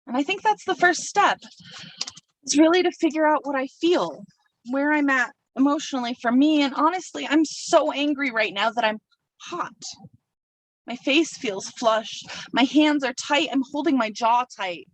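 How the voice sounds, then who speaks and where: A woman's voice: high-pitched, moderate pace, no room sound, distant mic, low-quality recording. A woman delivering a sermon from a pulpit, reflective and personal, speaking her feelings aloud as she works through them. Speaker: minister.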